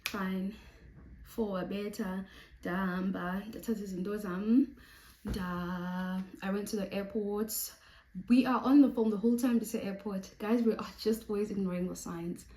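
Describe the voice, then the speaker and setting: A young South African woman telling a story to camera in a lively storytime vlog, slipping between Xhosa and English. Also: mid-range voice, moderate pace, echoey room, slight background noise, poor audio. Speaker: YouTuber.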